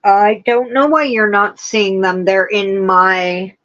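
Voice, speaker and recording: Woman, livestream host, casual chat, unhurried, answering viewers, dull lo-fi audio. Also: medium pitch, fairly even intonation, fairly bright tone. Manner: chatty, answering viewers' comments one by one. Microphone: streaming setup with laptop.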